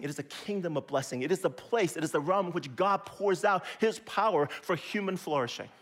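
A man preaching a sermon in a lively, conversational way, often checking in with his listeners. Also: a little high. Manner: lively, conversational preaching with frequent "okay?" and "right?". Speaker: pastor.

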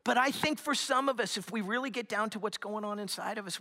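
A young adult man preaching a sermon, telling a story with lively animation and dropping to a hushed whisper for emphasis. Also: high voice, fast talker. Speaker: pastor.

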